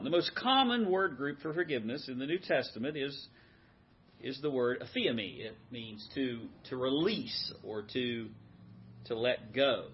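A man's voice: mid-range voice, muffled recording, slight background noise. A man leading a men's Bible study, asking the group questions and repeating their answers. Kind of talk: interactive teaching.

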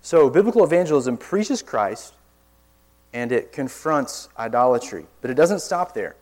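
Male preacher, earnest sermon, forceful stresses, sudden soft drops, mid-pitched voice. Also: lively intonation, moderate pace. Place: church.

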